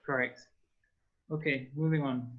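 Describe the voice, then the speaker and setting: A man's voice: medium pitch, steady tone, a little slow. A man whose first language is French, teaching an online language class over a video call, prompting students patiently step by step. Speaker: French tutor. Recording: dull lo-fi call audio.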